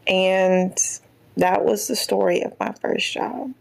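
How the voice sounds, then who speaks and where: A young woman vlogger telling a storytime tale in animated, casual chat and acting out the people in it. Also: medium pitch, drawn-out words, vocal fry, long pauses. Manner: animated, acts out every quoted person.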